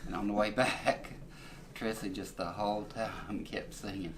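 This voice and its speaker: Middle-aged dad, kinda low voice, halting story with lots of uhs, noisy home video. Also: male voice, fairly even intonation. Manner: halting, with many fillers. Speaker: father sharing memories. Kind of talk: casual family storytelling.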